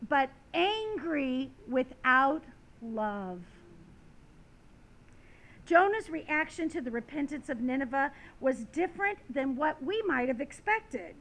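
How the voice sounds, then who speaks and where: Woman, sermon, high voice, unhurried delivery, dramatic emphasis. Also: a bit bright. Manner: dramatic reading of scripture and stories, rising and falling emphasis. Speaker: preacher.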